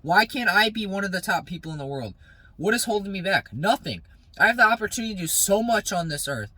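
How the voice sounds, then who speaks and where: A man's voice: high-pitched, big pitch swings, quick pace, pushed and bright, dry recording, low-quality recording. A young man talking casually and motivationally to his phone camera outdoors, rambling at times and then turning heated and preachy. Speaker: vlogger.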